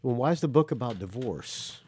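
A man's voice: mid-range voice, lively intonation, normal speed, darkish tone, slightly rough, dry recording. Male podcast host, casual and teasing, rambling; mid voice, dry close sound. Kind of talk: casual chat.

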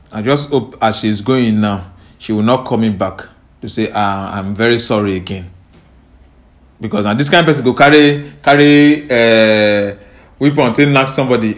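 A man hosting a confrontation show, scolding and repeating himself. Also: medium pitch. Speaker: host.

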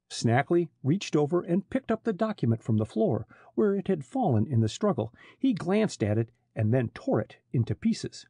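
A man narrating an adventure audiobook in an expressive reading style. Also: fairly high pitch, normal speed, hardly any pauses, slightly rough, no echo. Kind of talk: scripted narration.

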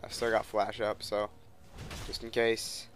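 A man's voice: fairly low pitch, monotone, a little slow, music in the background. Laid-back young man commenting on gameplay. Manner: laid-back, joking, swears casually.

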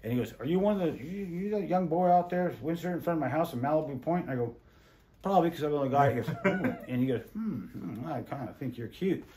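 Animated storytelling man, swearing freely. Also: fairly high pitch, very fast. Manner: animated, swearing, acts out quotes. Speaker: interviewee, former windsurfer. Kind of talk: casual storytelling interview.

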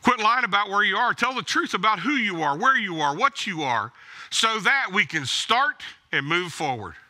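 A man's voice: sits high, big pitch swings, normal speed, sharp tone. A male pastor preaching a sermon in an emphatic, exhorting way, driving points home with blunt repeated commands. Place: church.

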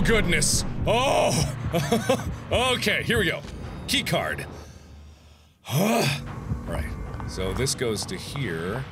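A young man in his twenties doing jokey horror game commentary, swinging from quiet mutters to excited shouts. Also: fairly high pitch, slow pace, music in the background. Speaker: gaming YouTuber.

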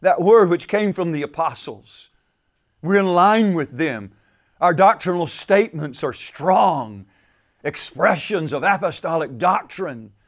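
A male pastor delivers a sermon with a fairly high voice. He repeats key phrases and lets his delivery drop to a hush before rising again for emphasis. The setting is a retreat gathering. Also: animated, measured pace. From United States. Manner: repeats phrases, rises and falls in pitch and volume for emphasis. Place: church at a men's retreat.

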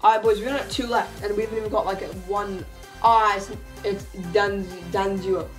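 A woman giving casual, excitable commentary as she opens card packs, calling out reveals and laughing often. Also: medium pitch, moderate pace. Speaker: gaming YouTuber. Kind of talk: casual pack-opening commentary. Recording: faint background music.

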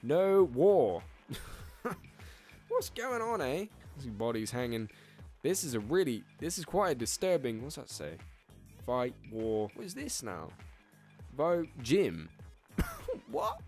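A young man reacting to a game with lively, swooping delivery, cursing and laughing as he goes. His voice sits at an ordinary middle pitch, with faint music playing underneath. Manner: excitable, profane, quick to laugh. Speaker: gaming channel host. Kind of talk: let's play commentary.

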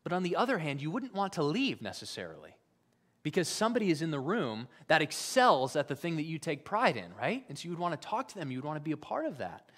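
A man preaching a sermon as pastor, swinging from hushed whispers to loud emphatic peaks and often checking in with "right?". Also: on the high side, wildly swooping pitch, fast, big-room sound. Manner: conversational, uses "right?" often.

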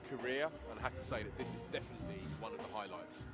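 A man speaking casually to camera while traveling, excited but trying to stay calm. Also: on the low side, quick pace, over loud music. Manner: excited but holding back. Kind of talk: casual video diary.

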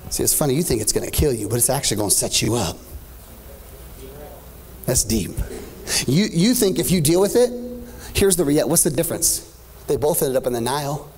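A man's voice: mid-range voice, animated, brisk, long pauses, a little mellow, a little hiss or hum. A man in his thirties preaching a sermon as pastor, swinging from joking asides to rising, half-sung climaxes. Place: church stage.

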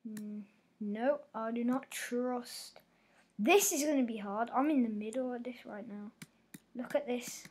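Commentating on her gameplay live, this woman exclaims often and drops to soft mutters between her outbursts. She speaks at a measured pace, and her fairly high voice is slightly rough.

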